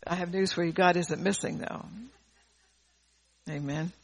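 A woman's voice: on the low side, fairly even intonation, measured pace. A woman preacher delivering a fervent sermon, repeating words and phrases for emphasis.

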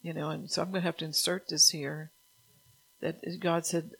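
Gravelly-voiced woman preaching a sermon. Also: deep voice, flat delivery, moderate pace, fairly bright tone, rough recording.

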